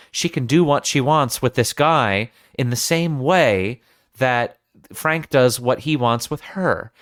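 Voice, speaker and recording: A man hosting a film podcast, earnest and analytical, circling back and restarting his sentences as he works out a thought. His voice sits at a middle pitch and sounds dry and close, with no room around it. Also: fairly bright tone, no echo. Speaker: podcast host. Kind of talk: casual film discussion.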